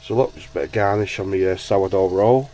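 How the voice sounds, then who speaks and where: Deep-voiced man vlogging in his van. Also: brisk, warm tone. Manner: chatty, keeps addressing viewers as guys. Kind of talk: casual vlog narration while cooking. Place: inside a camper van. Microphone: handheld camera. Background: food frying in a pan.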